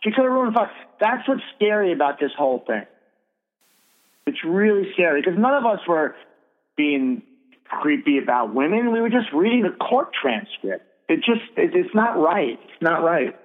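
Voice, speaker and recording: A middle-aged man hosts a radio talk show, speaking bluntly and indignantly and swearing freely. His voice sits a little high for a man, very animated at normal speed. The audio is thin and phone-like, with a long reverb trailing behind it.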